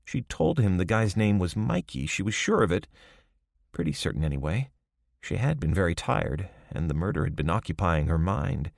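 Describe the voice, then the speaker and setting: A man reads a crime audiobook in a low, gravelly voice with lively rises and falls. His measured narration sounds close and dry on a studio mic. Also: no echo. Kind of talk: scripted narration.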